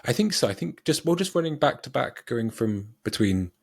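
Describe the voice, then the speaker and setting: A man's voice: mid-range voice, big pitch swings, moderate pace, gravelly, breathy edge, no echo, studio quality. A man co-hosting a podcast, chatting casually and thinking aloud with plenty of ums, often laughing at himself. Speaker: podcast co-host.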